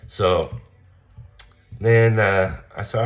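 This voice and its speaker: A man's voice: fairly low pitch, slow pace, long pauses. A man telling a story about a run-in, in a casual, aggrieved way. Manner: aggrieved, recounting an incident and acting out both sides. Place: small town.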